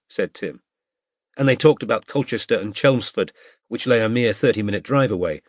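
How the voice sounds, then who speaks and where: A man narrating a detective novel as an audiobook in a measured, steady storytelling manner. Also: fairly low pitch, dry recording, studio quality. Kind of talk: scripted narration.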